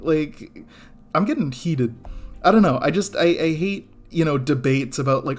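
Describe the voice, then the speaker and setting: A man with a fairly high voice, speaking at normal speed, rants casually during a live drawing stream from his home studio, with music playing behind him. He gets worked up, curses, keeps restarting and correcting himself, and then apologizes.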